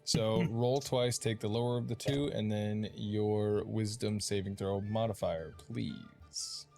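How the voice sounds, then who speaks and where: A man narrating as dungeon master of a tabletop game, telling the scene casually with quick asides. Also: on the low side, fairly even intonation, gravelly, mellow, soft background music.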